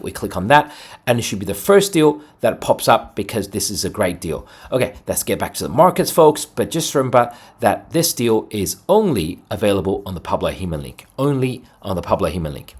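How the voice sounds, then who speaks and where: A man runs through crypto charts in a loose, excitable commentary, punching his points with "boom" and "right?". His voice has a husky edge and sits at an everyday middle pitch. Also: a little fast. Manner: energetic, salesy, lots of "right?" and "boom". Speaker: crypto trading video host. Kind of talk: casual market commentary over charts.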